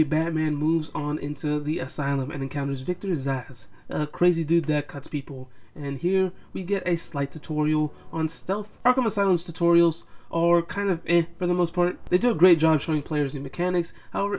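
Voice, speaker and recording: A man's voice: a little high, a little mellow. A young man narrating a scripted game retrospective, with a casual manner and sarcastic asides. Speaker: game reviewer.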